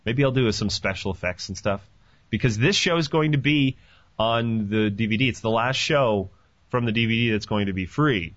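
Profane, animated man hosting a podcast. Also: on the low side, moderate pace, dry recording. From Canada. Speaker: podcast host. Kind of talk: casual podcast chat. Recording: dull lo-fi dry sound.

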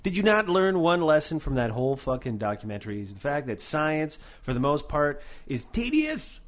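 A man co-hosting a casual chat show, animated and profane, raising his voice for emphasis. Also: on the high side, a little fast. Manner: animated, swears a lot, shouts for emphasis. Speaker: podcast co-host.

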